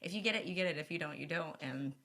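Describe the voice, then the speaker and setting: A woman co-hosting a podcast, telling stories in a casual, animated way and rambling with frequent restarts. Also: sits low, very fast. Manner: animated, acts out quoted voices in her stories. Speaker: podcast co-host. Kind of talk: casual storytelling chat.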